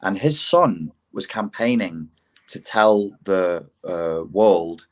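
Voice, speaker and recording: A man with a low voice talks through a casual podcast chat. He swears freely and builds from measured points to indignant outbursts, his voice jumping up when he gets worked up. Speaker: podcast co-host.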